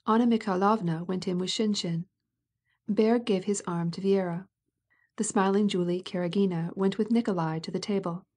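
A woman narrating a classic novel as an audiobook, in a calm, measured, even manner. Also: medium pitch.

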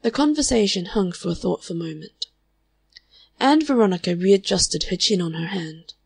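A woman's voice: on the low side, expressive, moderate pace, gravelly, slightly rough, no room sound. Woman narrating a novel, dry sound. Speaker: audiobook narrator. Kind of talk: scripted narration of a classic novel.

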